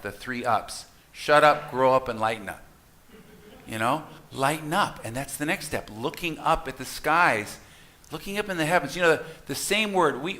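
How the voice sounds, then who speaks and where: A man's voice: mid-range voice, sharp tone. A middle-aged man, a minister, delivering a folksy, storytelling sermon to his congregation in a church, with asides to the listeners. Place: church sanctuary.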